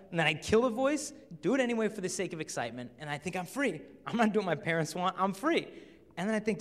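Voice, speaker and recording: A young man giving a lively, story-driven talk to a crowd of teenagers. He slips into the voices of the people in his stories as he goes. His voice sits a little high and rings out with the long echo of a big hall. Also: fast. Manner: animated storyteller who acts out voices. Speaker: chastity speaker. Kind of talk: live talk to a young audience. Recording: reverberant hall.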